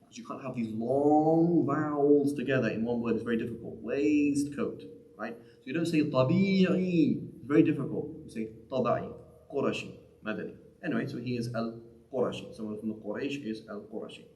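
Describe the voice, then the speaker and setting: A man's voice: mid-range voice, moderate pace, warm tone, muffled recording. A man giving a live lesson on Quranic Arabic in a conversational way, often asking "right?" and restarting his sentences. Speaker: teacher. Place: mosque or community center room. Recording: echoey room.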